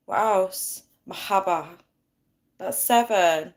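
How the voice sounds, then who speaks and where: Woman, 30s, bubbly live-stream host on a phone, slightly low voice. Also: lively intonation, normal speed, fairly bright tone. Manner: chatty and bubbly, reads out viewer comments. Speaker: livestream host. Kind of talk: casual live-stream chat.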